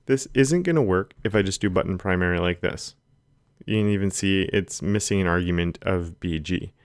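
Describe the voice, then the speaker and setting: Low-voiced man teaching code. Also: moderate pace, clear, resonant tone, dry recording. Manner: relaxed, talks while typing code. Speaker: coding instructor. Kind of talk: screen-recorded coding tutorial. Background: keyboard typing.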